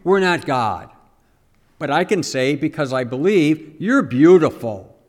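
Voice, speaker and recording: Priest guy giving a homily, kinda high voice, long echo like a big church. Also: lively intonation, unhurried. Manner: conversational, asks the congregation questions. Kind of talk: sermon.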